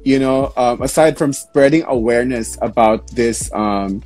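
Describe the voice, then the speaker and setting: Young guy hosting a live interview, warm mellow voice, chatty and kind, faint music in the back. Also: medium pitch, normal speed. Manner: chatty, sympathetic, casual fillers. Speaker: interview show host.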